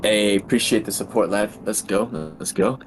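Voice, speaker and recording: A man's voice: on the low side, fairly even intonation, normal speed, over music. Laid-back slangy male streamer. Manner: laid-back, slangy, says dude and bro. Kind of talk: casual gaming chat.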